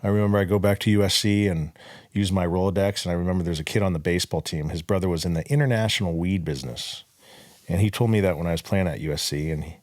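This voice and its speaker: A man's voice: sits low, fast talker, darkish tone, no room sound, studio quality. A young man from Southern California, a podcast guest telling his story in a blunt, profane, casual way and acting out the dialogue.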